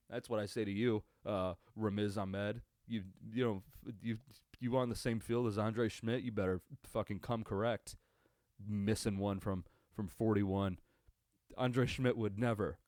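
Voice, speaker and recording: A man's voice: fairly low pitch, a little mellow, no echo, studio quality. A young man hosting a casual solo sports podcast, rambling and swearing with lots of fillers and restarts. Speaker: podcast host. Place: home setup at a computer. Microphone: computer webcam recording.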